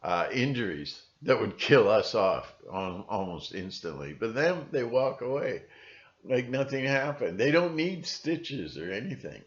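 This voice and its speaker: A man's voice: medium pitch, sing-song, unhurried, dull audio. A man hosting his own video channel, talking in a rambling, casual monologue and often slipping into voices to mimic other people.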